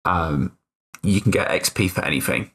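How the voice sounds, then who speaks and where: A man's voice: deep voice, normal speed, a bit bright. A man co-hosting a tabletop gaming podcast as a player, talking casually and hesitantly with frequent restarts and the odd swear.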